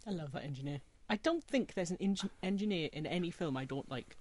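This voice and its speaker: Man, high voice, playful, jokey quips. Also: expressive, a crowd in the background. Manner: playful, quick jokey asides. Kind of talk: casual chat.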